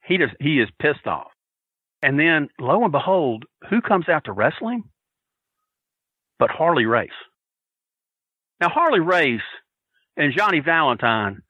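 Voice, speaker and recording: Loud, lively storytelling man. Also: mid-range voice, no room sound, phone-quality sound. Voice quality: loud and boisterous, profane. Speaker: regular segment contributor. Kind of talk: loud storytelling, casual chat.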